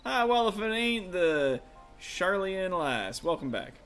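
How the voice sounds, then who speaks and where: A man voicing a rough, cheeky male adventurer in a put-on mix of Brooklyn and Irish accents, slangy and swaggering. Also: sits high, sing-song, takes it slowly, a bit bright, faint music behind, heavily acted. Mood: teasing. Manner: slangy, swaggering, calls people love and lass.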